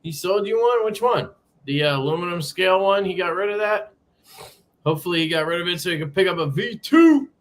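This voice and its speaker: A man's voice: high voice, animated, brisk. A man hosting a casual live stream from a sparse room at home, greeting chatters by name in a loose, swearing way. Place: home room being moved into.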